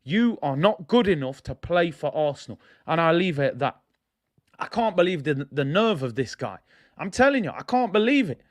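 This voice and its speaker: A young man hosting a football fan channel delivers animated, slangy commentary, ranting casually and laughing along the way. His voice is fairly high, at a moderate pace.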